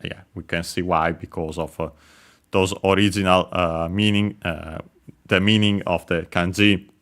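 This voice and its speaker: A man giving a casual language lesson, explaining slowly with many hesitant pauses and fillers. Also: low-pitched, fairly even intonation, fairly bright tone. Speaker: language teacher.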